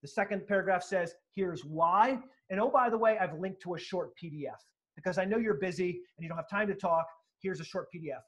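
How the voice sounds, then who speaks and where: High-voiced, animated man telling sales stories. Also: a little fast. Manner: animated, emphatic, acts out quotes, occasional profanity. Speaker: sales speaker and author, guest. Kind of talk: energetic interview storytelling.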